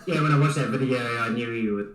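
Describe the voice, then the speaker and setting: A man's voice: mid-range voice, fast talker, far from the mic, a little hiss or hum. Teasing man in a roomy space. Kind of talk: casual chat.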